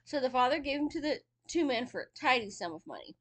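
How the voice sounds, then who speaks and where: Female storyteller, casual read-aloud with chatty asides, animated delivery. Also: sits high, fast talker. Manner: chatty asides between reading.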